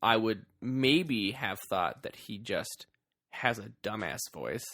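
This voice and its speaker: A man co-hosts a casual movie podcast, giggling through playful banter. His pitch swings widely over a gravelly edge. The sound is dry and close. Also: expressive, takes it slowly, a bit bright, no echo. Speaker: podcast co-host. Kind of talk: casual movie review chat.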